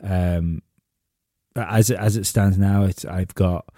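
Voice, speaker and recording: A man's voice: low voice, fairly even intonation, takes it slowly, mellow, dry recording, studio quality. A man hosting a podcast, telling stories in a rambling way with many restarts. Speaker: podcast host. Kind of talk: casual podcast chat.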